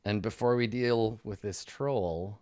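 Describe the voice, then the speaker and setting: A man's voice: on the low side, slow, a crowd in the background. Easygoing man running a tabletop game. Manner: loose and conversational, becoming vivid when describing scenes. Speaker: dungeon master. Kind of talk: casual tabletop game narration.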